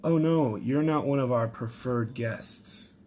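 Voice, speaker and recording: A man's voice: mid-range voice, slow pace, warm tone, slight background noise, lightly acted. Man doing a snooty flight attendant. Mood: condescending. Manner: curt and condescending.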